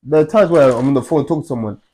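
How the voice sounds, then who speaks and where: A man's voice: mid-range voice, racing, dark tone. A man hosting a podcast in casual chat, playful and full of slang, laughing often. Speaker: podcast host.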